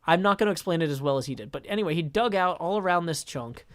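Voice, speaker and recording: Talking fast and expressively in a slightly high voice, a man gives casual commentary while gaming on a live stream. He thinks aloud, stops himself mid-sentence, and answers chat, with no room sound in the recording.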